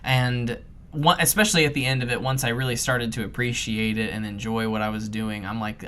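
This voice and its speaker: Bright-voiced man telling a rambling story. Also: mid-range voice, a little fast, slight background noise. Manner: animated, acts out own panic with laughs; loose, rambling with many fillers and restarts. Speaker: podcast co-host. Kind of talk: casual storytelling chat.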